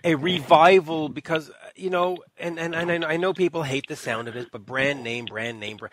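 A man hosting an interview, asking long, halting, rambling questions. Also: a little high, fairly even intonation, fairly bright tone, no room sound. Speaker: interview host. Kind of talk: conversational interview.

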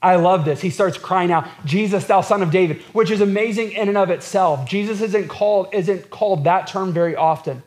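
A pastor delivers his sermon in a fairly high voice. He is earnest and repeats phrases to build his point. He acts out the words of the people in the text. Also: moderate pace, few pauses, darkish tone. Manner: earnest, repetitive preaching with acted-out quotes.

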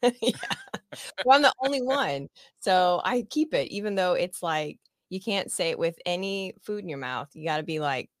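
Chatty woman with a low, dry voice. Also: no room sound. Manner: lively, laughing, quick and chatty. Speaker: podcast guest, fellow podcaster. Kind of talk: casual podcast chat.

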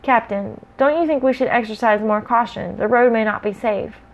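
A quiet, cautious young soldier who defers to his captain, read by a woman. He speaks softly and politely. The recording is dull and lo-fi. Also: a little high, moderate pace, lightly acted.

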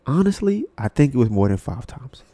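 A man talking casually on his podcast, his pitch swinging widely as he acts out each character in the story. His voice sits in a middle register, and the recording is dry and close with almost no room sound. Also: a little fast, no echo. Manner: animated, acts out both sides of the story. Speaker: podcast host.

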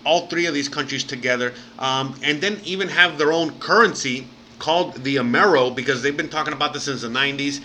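A man's voice: fairly high pitch, fairly quick, pushed and bright, a little hiss or hum, poor audio. A man from Miami chatting casually on a live stream, rambling with lots of fillers, swearing now and then and thanking viewers by name. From Miami, United States.

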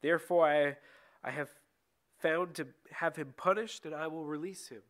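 A stern, weary Roman governor, read out by a man in a scripture reading. His voice sits a little high, and the delivery stays plain, pleading and insistent rather than theatrical. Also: steady tone, normal speed, fairly bright tone, natural voice. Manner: plain read-aloud delivery of quoted speech.

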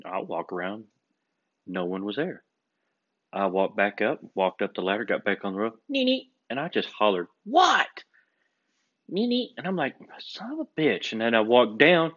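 Guy, lowish voice, casual storytelling, does the voices, kinda muffled lo-fi sound. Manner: animated storyteller, acts out quoted voices. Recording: dull lo-fi recording.

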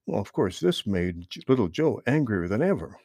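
Gravelly, animated male storyteller. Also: on the low side, moderate pace, no echo, studio quality. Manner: expressive, animated reading. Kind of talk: storybook reading aloud.

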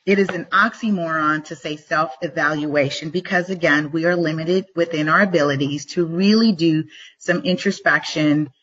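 A middle-aged woman hosting a live motivational vlog, talking emphatically and repeating herself, slowing down to drive her points home. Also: low-pitched, steady tone, fairly bright tone, lo-fi sound, a little hiss or hum. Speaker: vlog host. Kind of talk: motivational live-stream talk.

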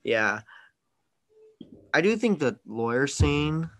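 A man's voice: fairly high pitch, big pitch swings, takes it slowly, fairly bright tone. A man hosting a casual movie-review podcast over an online call, opinionated and teasing, with mock exasperation. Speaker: podcast host.

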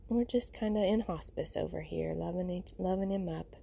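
A woman's voice: on the low side, normal speed, creaky, few pauses, dark tone, slightly rough. A woman hosting a podcast, talking in a rambling, informal and reflective way and often saying "you know" and "you guys" while recording at home. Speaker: podcast host. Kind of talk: casual reflective monologue.

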